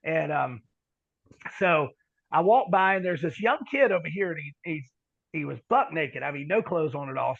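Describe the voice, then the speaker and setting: A man's voice: a little high, gravelly, highs cut off. A man as a podcast guest, telling a story in a rambling, folksy way with many restarts. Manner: rambling, self-correcting, folksy. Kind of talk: casual storytelling.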